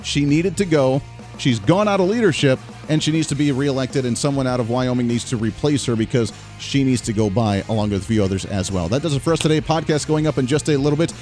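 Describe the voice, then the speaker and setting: A man hosting a talk radio show, giving an emphatic, animated political commentary monologue on a studio microphone. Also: on the high side.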